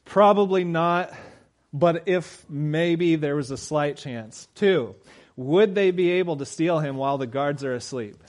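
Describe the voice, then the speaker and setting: His voice is a little high and unhurried as the pastor, a man in his thirties, talks through his sermon conversationally. Along the way he performs the voices of quoted characters and works up to forceful peaks.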